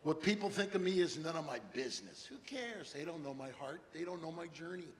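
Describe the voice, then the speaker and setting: An older man giving a humorous motivational keynote speech, animated storytelling and rhyming slogans. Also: on the high side, fairly quick. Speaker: keynote speaker. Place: large hall with an audience. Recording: echoey hall, faint noise.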